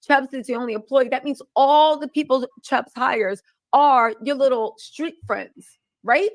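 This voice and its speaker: A woman's voice: high voice, a little slow. A woman co-hosting a live show, reading news items aloud and adding sarcastic, wry asides.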